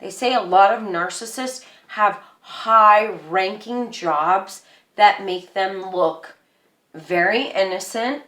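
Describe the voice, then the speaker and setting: A woman's voice: mid-range voice, takes it slowly, pushed and bright, reverberant. A young woman telling a personal story in an emotional, rambling way, with many restarts.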